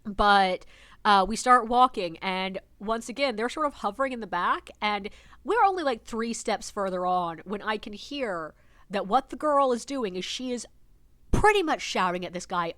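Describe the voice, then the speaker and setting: A woman who works as a ghost tour guide, telling a story casually with animated exasperation and swearing. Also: medium pitch, normal speed, dry recording.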